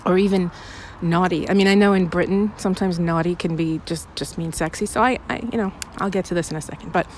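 Outdoors, a young woman who creates audios chats quickly with her listeners in a rambling, self-deprecating style heavy on fillers. Her voice sits on the low side, with fairly even intonation and a darkish tone, plus a little hiss or hum.

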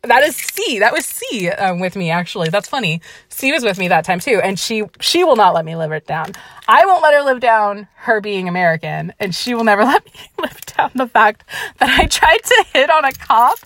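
A woman's voice: mid-range voice, sing-song, normal speed, fairly bright tone. A young woman telling a story in a casual vlog while driving, laughing, swearing and mocking herself. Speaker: vlogger. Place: inside a car.

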